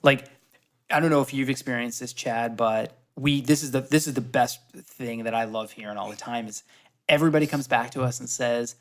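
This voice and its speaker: A man's voice: medium pitch, a little fast. A man from Canada, a podcast guest who runs a supplement company, talking in an eager, explanatory way with many fillers and restarts. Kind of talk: casual conversational pitch.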